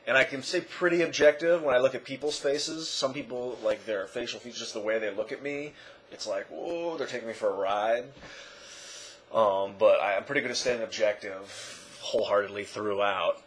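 A man talking casually to his camera in a rambling way, correcting himself and often trailing off quietly. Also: medium pitch, fairly even intonation, moderate pace, slightly rough, poor audio. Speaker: vlogger. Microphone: camera mic.

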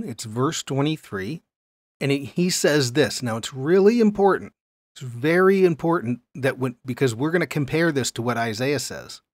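A man's voice: medium pitch, no room sound. A man teaching a Bible lesson, explaining verses step by step and reading scripture aloud with emphasis. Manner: explanatory, stresses key words, reads verses aloud.

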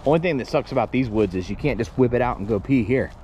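A man in his thirties vlogging outdoors in the woods, rambling, joking and swearing, getting excited over finds. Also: medium pitch, fast, muffled recording, slight background noise. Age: 30s. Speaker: paranormal explorer vlogger. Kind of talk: casual outdoor vlog.

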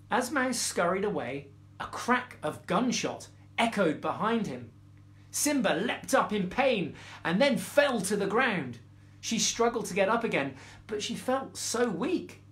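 A man's voice: high-pitched, fairly bright tone. A man reading a bedtime story aloud, playful, with jokey asides to the listener. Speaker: storyteller, former children's TV presenter.

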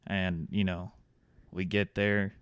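A man's voice: deep voice, level tone, slow, clean tone, no echo. A young man, an actor guest, telling his story in a casual, easygoing interview chat. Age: young adult.

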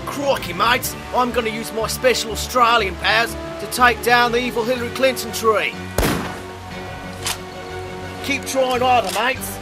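A man playing a brash comic ally with a put-on Australian accent who shouts "crikey". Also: extremely high pitch, normal speed, few pauses, music in the background. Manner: mock Australian accent, says "crikey, mates".

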